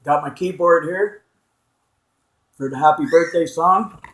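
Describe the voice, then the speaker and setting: A woman in her fifties rambles along slowly in a fairly high voice, chatting to herself and cooing to her pet birds. The sound comes from a cell phone in a roomy, echoey space at home, with a faint hiss underneath. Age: 50s. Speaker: vlogger. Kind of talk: casual solo chat.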